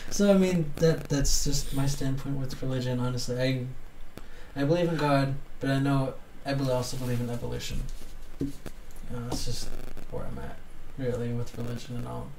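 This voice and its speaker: A man's voice: mid-range voice, normal speed, creaky, slight background noise. Young man telling a story, roomy distant mic. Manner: animated, laughs often, acts out dialogue. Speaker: podcast co-host. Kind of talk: casual storytelling chat.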